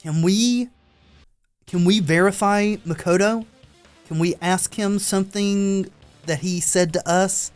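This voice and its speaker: Excited man commenting on a game, music behind. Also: high-pitched, takes it slowly, clean tone. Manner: excited, talks back to the game characters. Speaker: gameplay commentator. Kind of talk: let's play commentary.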